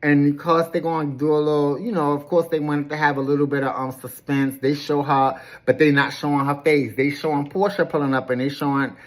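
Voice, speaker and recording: A woman's voice: deep voice, level tone, brisk, few pauses. Sassy gossipy woman recapping an episode. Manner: sassy, gossipy, dramatic, calls people honey. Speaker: recap host. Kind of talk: casual episode recap commentary.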